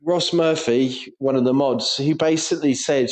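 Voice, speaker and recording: Laughing, sweary podcast host. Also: male voice, mid-range voice, normal speed. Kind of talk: casual chat.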